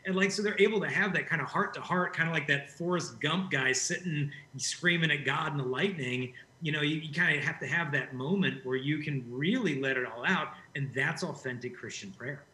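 A man's voice: a little high, brisk, few pauses, pushed and bright, echoey room, rough recording. A man speaking as a guest, telling stories animatedly and acting out the quoted lines. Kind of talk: conversational faith discussion.

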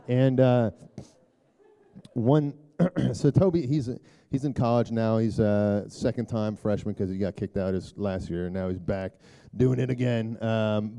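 A middle-aged man giving a rambling, conversational sermon talk to a church group, full of filler words and throat clearing. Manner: turns hushed and low for prayer. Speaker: speaker addressing a church group.

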